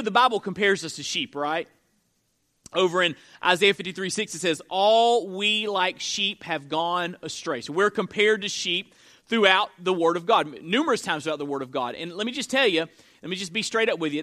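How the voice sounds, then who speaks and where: A man's voice: high-pitched, bright, forceful tone. A man, a pastor, preaching an earnest sermon, often repeating phrases and restarting his sentences.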